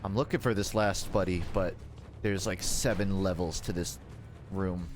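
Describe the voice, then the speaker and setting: A man's voice: sits low, steady tone, normal speed, over music. Joking, rambling Midwestern-accented streamer guy. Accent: Midwestern American. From Georgia, United States. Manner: joking, rambling, self-mocking. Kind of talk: casual gaming livestream commentary.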